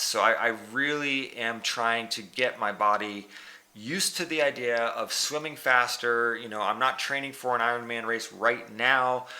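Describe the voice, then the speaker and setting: Male vlogger, bright tone, casual rambling training recap with fillers and restarts. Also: medium pitch. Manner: rambling, self-correcting, frequent fillers.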